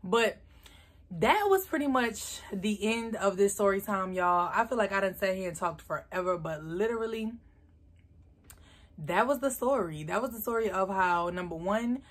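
A young woman vlogger, telling a casual storytime in an animated, slangy way. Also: mid-range voice, moderate pace.

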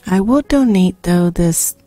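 A woman's voice: fairly low pitch, animated, unhurried, loud music behind the voice. A woman hosting her own channel, chatting casually and giggling while she plays a video game. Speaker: gaming channel host.

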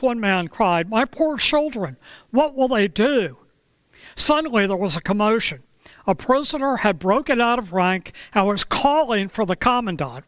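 A man preaching a sermon, telling a story in a slow, measured way with dramatic pauses. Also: high-pitched, fairly bright tone, clear, resonant tone, no echo. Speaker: pastor.

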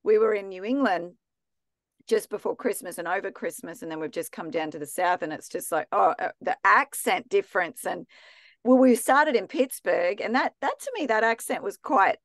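A woman's voice: medium pitch, animated, normal speed, dry recording. A woman with an Australian accent, teaching an online theology class in a chatty, enthusiastic way with many restarts. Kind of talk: casual, chatty teaching talk.

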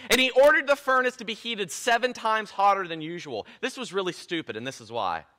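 A man preaching a sermon in a church, retelling a scripture story in a lively, playful way with casual asides. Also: high-pitched, brisk. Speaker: pastor. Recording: echoey church hall.

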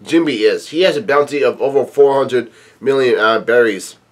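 Here a man whose pitch sits in the middle reads through a manga chapter casually and at ease. Every so often he breaks away from the page to add short, offhand remarks.

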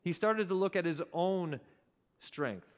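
A man preaching a sermon in earnest tones, often dropping to a hushed low voice for emphasis. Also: expressive, slow pace, in a large hall. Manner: earnest, drops to a hushed low voice at key points. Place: church sanctuary.

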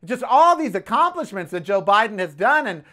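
A man's voice: high-pitched, moderate pace. A man hosting his own podcast, talking in a sassy, chatty way about the news and his day, often calling listeners "honey.". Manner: sassy, animated, says "honey" and "okay". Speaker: podcast host. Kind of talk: casual political commentary.

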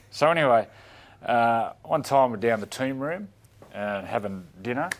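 An Australian man on a sports panel, telling a story with lively put-on voices. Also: medium pitch, normal speed. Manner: animated storyteller, puts on voices. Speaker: panel guest telling stories. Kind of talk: casual sports chat.

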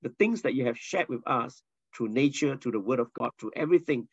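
A man's voice: medium pitch, a little fast, creaky, slightly rough, dry recording, muffled recording. A man teaching a Bible lesson as a pastor, telling stories with energy and asking the listeners questions. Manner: animated storyteller, asks the listeners questions. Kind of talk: sermon teaching.

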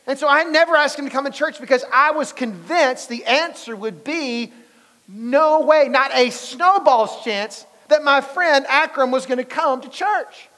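This pastor has a very high, slightly bright voice. He preaches conversationally in a church sanctuary, sharing stories and questioning the congregation while the large hall adds long reverb.

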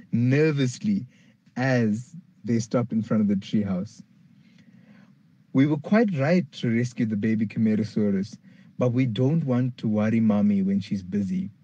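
Man storyteller, warm husky voice, very lively pitch, dull lo-fi sound. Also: no echo. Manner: animated, jumps high for characters' lines. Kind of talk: children's story read-aloud.

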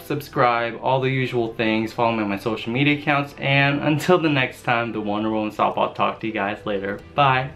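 A young-sounding man hosting a music video reaction, talking casually and gushing with excitement. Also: mid-range voice. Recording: loud song playing behind. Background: loud music.

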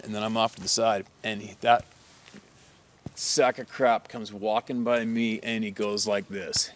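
A low-pitched man tells a story from his work as a hunting guide. He talks bluntly and swears freely, rambling from one beat to the next with plenty of fillers. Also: flat delivery, a little slow, slight background noise. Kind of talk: casual storytelling.

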